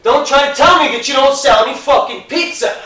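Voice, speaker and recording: A man's voice: mid-range voice, lively intonation, quick pace, fairly bright tone, voice pushed down, lightly acted. A man playing a foul-mouthed, menacing customer. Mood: yelling. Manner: swearing, threatening, bullying. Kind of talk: amateur comedy sketch. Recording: echoey room, distant mic, faint hiss.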